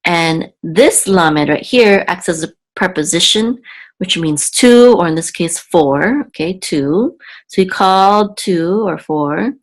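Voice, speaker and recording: Low-voiced woman teaching slowly and patiently. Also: expressive. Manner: patient, repeats and slowly sounds out words. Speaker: Hebrew teacher. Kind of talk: explaining a reading lesson to camera.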